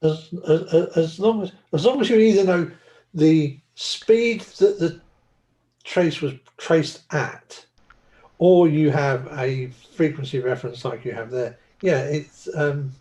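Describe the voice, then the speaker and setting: A man in a casual chat, explaining things slowly with many restarts. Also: on the high side, warm tone. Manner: halting, restarts while explaining.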